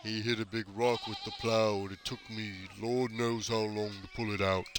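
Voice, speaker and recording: A man's voice: lowish voice, flat delivery, pitched below the performer's own voice, close to an everyday voice. A man putting on a drawling country farmhand. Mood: easygoing. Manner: slow, easygoing drawl. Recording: noisy background under the voice.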